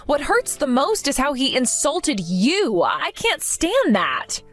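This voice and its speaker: A woman's voice: sits high, huge pitch swings, slow, faint music behind, full character voice. A young woman playing a jilted bride who talks earnestly and with strong emotion. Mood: tearful. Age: young adult. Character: jilted young bride, hurt but determined.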